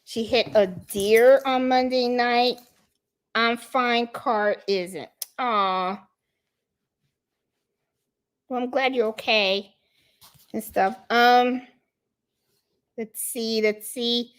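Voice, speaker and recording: A woman from Puerto Rico hosts a relaxed craft livestream, her voice sitting a little on the high side. She chats loosely with her viewers, greets them one by one by name, and fills the gaps with easy ums and let's-sees. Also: very slow, long pauses, clean tone. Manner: chatty, greets viewers by name, lots of fillers. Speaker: craft channel host. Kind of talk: casual livestream chat, reading viewer comments.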